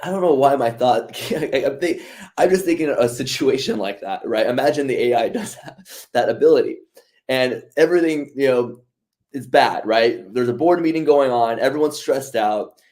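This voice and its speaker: Co-hosting a podcast, a man speaks at a moderate pace in a mid-range voice. The talk is a casual discussion, and he laughs frequently while telling lively stories.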